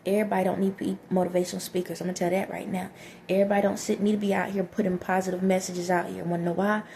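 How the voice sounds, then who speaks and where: A woman with a soft, mellow voice and a gravelly fry talks straight to her viewers. She gives direct, preachy life advice and keeps checking that they follow her. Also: mid-range voice, slight background noise. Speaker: vlogger giving life advice. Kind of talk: direct-to-camera motivational talk.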